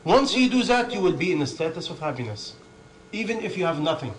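A man's voice: high-pitched, very animated, fast talker, poor audio. A man preaching a sermon in non-native English, driving his points home with stacked lists and rhetorical questions.

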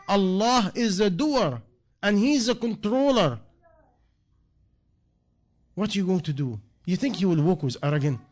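Earnest preaching man. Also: high-pitched. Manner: earnest, repetitive rhetorical questions, non-native grammar. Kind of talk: sermon.

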